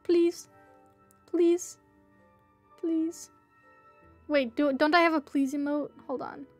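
A woman's voice: high voice, fairly even intonation, slow, darkish tone, faint music behind. A woman livestreaming a game, chatting casually and playfully pleading with other players. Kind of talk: casual gameplay livestream chat.

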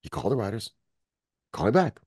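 A man's voice: on the low side, brisk, breathy edge, no echo, studio quality. A man from Michigan, a music producer and guest, telling stories in an interview and acting out the voices of people he quotes. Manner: animated storyteller acting out quotes. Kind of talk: storytelling interview.

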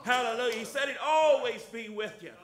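An older man preaching a fervent sermon in church, breaking into loud hallelujahs and softening when he reads scripture. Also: very high-pitched, brisk, echoey room. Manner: fervent, shouting hallelujahs, drops soft for scripture. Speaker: guest preacher. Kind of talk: lively Easter sermon with scripture reading.

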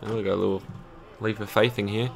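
A man's voice: fairly low pitch, little pitch movement, fast, creaky, a little hiss or hum. A man giving jokey, sweary live gameplay commentary. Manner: sweary, jokey, reacting aloud.

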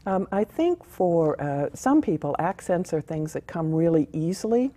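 A woman actor answering interview questions in a friendly, measured way. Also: lowish voice, lively intonation, dark tone, slight background noise. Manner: friendly, measured, chuckles at herself. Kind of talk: casual interview.

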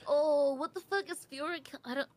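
A woman's voice: high voice, normal speed. A woman bantering on a game stream, teasing and swearing freely. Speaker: guest streamer. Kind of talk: casual gaming stream banter.

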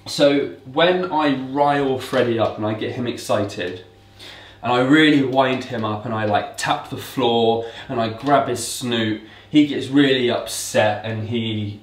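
A man of middle pitch walks viewers through dog training in a casual, explanatory way. He is recorded indoors at home, a little away from the mic, and the room echoes around him. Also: recorded from a distance. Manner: relaxed, explanatory, repeats commands to mimic owners. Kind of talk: casual instructional talk. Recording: roomy echo, speaker away from mic.

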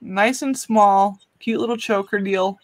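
A woman's voice: medium pitch, measured pace. A woman hosting a live jewelry auction stream, chatting casually, greeting viewers and laughing often.

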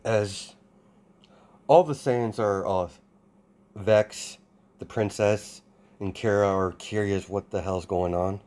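A man improvising fan-fiction narration in a casual, halting way, with many restarts and fillers. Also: fairly low pitch, steady tone, darkish tone. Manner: hesitant, full of restarts and fillers. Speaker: storyteller.

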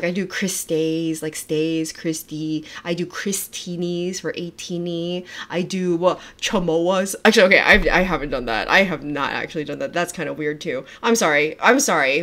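A young woman livestreaming a reaction, talking in a gushing, excitable way, swearing often and trailing off mid-sentence. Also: lowish voice, moderate pace, hardly any pauses. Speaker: livestreamer reacting to music videos. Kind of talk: casual livestream chat.

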